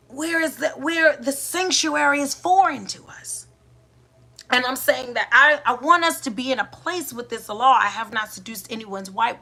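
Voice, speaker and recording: Bright-voiced woman musing aloud. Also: high-pitched, creaky. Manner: asks many rhetorical questions, with pauses and restarts. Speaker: podcast host and doula. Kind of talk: reflective spiritual monologue.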